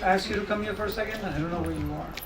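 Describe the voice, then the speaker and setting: A man's voice: sits high, rapid-fire. A man acting as emcee at a birthday party, introducing speakers with upbeat energy. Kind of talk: announcing at a party. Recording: echoey hall, distant mic, music and crowd.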